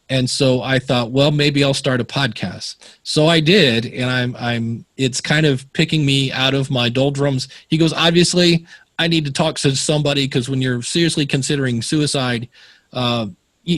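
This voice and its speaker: Animated storytelling man, dry close sound. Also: medium pitch, no echo. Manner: animated storyteller acting out quoted voices. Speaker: podcast guest. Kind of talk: casual storytelling interview.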